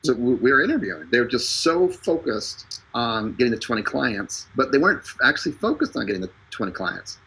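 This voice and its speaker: Gravelly husky-voiced man hosting a stream. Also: mid-range voice, sing-song, a little fast, hardly any pauses, pushed and bright, low-quality recording. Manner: joking, talkative, lots of fillers and restarts. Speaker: live stream host. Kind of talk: casual persuasive sales pitch. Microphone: streaming over an internet connection.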